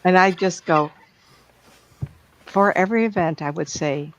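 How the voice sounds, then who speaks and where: A woman's voice: fairly low pitch, measured pace, pauses often, a little hiss or hum. A woman speaking as a psychic medium, giving a blunt, plain-spoken talk to an audience. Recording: dull lo-fi sound.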